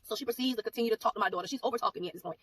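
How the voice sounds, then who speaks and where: Rapid-fire woman telling a testimony. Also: a little high, breathy edge. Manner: rapid and animated, acts out quoted exchanges. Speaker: ministry speaker giving a testimony. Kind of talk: personal testimony storytelling. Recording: voice a bit far from mic, faint background noise.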